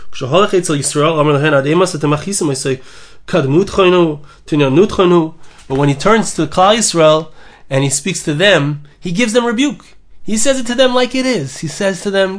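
A man leads a Torah class, reading out the original text and then explaining it with rising enthusiasm. His voice sits high for a man and he talks with lively energy. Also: a little fast. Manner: reads Hebrew and Aramaic text aloud then translates, lively and emphatic. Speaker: Torah teacher.

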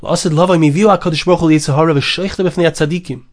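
A man's voice: a little high, fairly even intonation, fast talker. A man giving a Torah lecture, mixing in Hebrew and Aramaic phrases and repeating words for emphasis. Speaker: rabbi teaching Torah.

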